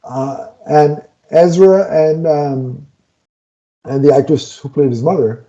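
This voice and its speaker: A man co-hosting a film review show, talking casually as he retells scenes, full of restarts and fillers. His voice sits a bit high but sounds very dark and mellow. The recording is dull and lo-fi. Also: steady tone, slow pace. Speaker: podcast co-host reviewing a film.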